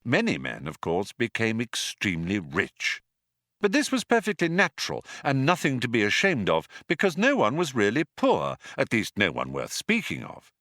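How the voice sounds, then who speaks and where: A man giving wry, richly expressive scripted audiobook narration. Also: mid-range voice, moderate pace, dry recording, clean studio sound.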